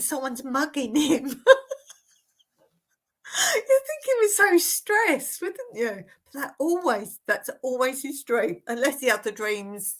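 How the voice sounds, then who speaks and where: A chatty woman with a high voice hosts a casual live stream. She reads out viewer comments and tells stories with plenty of giggles. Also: a bit bright. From England. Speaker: vlogger hosting a live stream.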